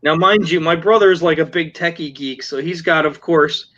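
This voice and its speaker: High-voiced man telling a story on a livestream. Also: normal speed, muffled recording, very noisy. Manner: animated storyteller, laughs often. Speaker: livestream host. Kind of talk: casual chat storytelling.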